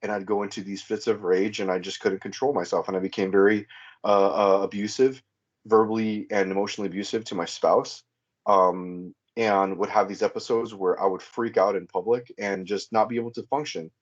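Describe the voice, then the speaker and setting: Man, middle-aged, hesitant halting speech, lowish voice, muffled lo-fi audio. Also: steady tone. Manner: hesitant, halting, many restarts and fillers. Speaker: returning caller. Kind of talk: personal testimony in a podcast conversation. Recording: muffled lo-fi sound.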